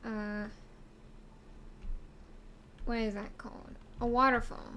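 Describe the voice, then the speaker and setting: A woman's voice: on the high side, level tone, takes it slowly, pushed and bright, a little hiss or hum. A woman streamer giving casual game commentary, rambling and giggly, asking herself questions as she plays.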